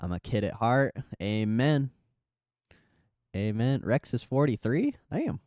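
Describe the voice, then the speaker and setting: Brief: male streamer, laid-back and profane, talking to chat, smooth clear tone, dry close sound. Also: medium pitch, slow pace, no echo. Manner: relaxed, profane, reading chat aloud. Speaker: livestream host. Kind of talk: casual live stream chat.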